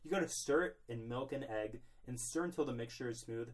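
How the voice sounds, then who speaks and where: A man's voice: mid-range voice, a little fast. A young man co-hosting a podcast in a small closet, rambling mock-seriously with lots of filler words. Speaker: podcast co-host. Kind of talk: comedic casual chat.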